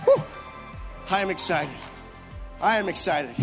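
A young man preaching a sermon to a young adult crowd, energetic and repetitive, losing his voice. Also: sits high, unhurried, soft background music. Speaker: youth pastor. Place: large church hall. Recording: long hall reverb.

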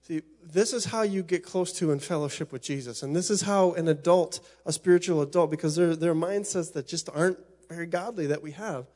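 A man's voice: on the high side, brisk, hardly any pauses, a little mellow. A middle-aged man preaching a sermon as pastor, impassioned, often repeating and restarting his phrases.

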